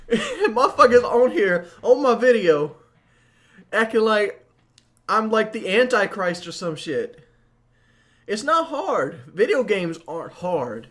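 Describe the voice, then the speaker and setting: A man's voice: high-pitched, very animated, slow, long pauses, fairly bright tone. A young man giving a boastful, profane rant to camera as a gaming commentator, mocking his critics.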